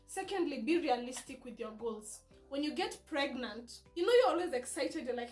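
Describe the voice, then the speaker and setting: A woman's voice: high voice, expressive, moderate pace. A woman hosting a support group talk, giving earnest, direct advice to new mothers and coaxing them along with tag questions. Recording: echoey room with faint music.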